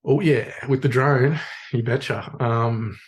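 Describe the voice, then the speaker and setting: An Australian man, a podcast guest, telling a story in a relaxed, rambling way with plenty of fillers. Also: medium pitch, slow pace. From Sydney, Australia. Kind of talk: casual storytelling in conversation.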